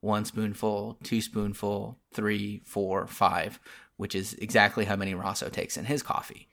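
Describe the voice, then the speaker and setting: A man's voice: on the low side, little pitch movement, measured pace, creaky, a bit bright. A man co-hosting a casual podcast, earnestly retelling comic scenes with many restarts and fillers. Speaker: podcast co-host.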